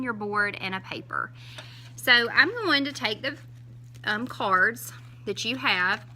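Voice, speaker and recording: Bright, sing-song teacher. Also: female voice, on the high side, a little hiss or hum. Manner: slow, sing-song, drawn-out syllables when counting. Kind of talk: recorded class lesson for young children.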